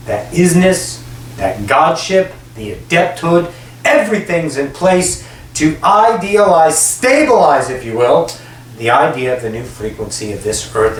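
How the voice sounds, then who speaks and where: A man giving a channeled spiritual message, speaking as a collective "we", emphatic and repetitive, casual and blunt with some swearing. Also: mid-range voice. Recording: roomy echo, distant from the mic, faint noise.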